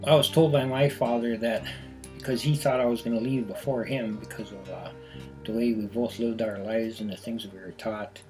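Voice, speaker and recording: A man being interviewed, telling personal stories in an unhurried, thoughtful way and often repeating himself. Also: fairly low pitch, fairly even intonation, low-quality recording. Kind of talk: reflective personal storytelling. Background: guitar music clearly heard.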